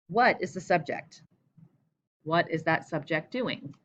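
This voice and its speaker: Woman teacher, low bright voice, patient, walks thru examples, bit dull lo-fi audio. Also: animated, normal speed. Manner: patient, explanatory, asks guiding questions. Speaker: English teacher. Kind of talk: recorded classroom lesson.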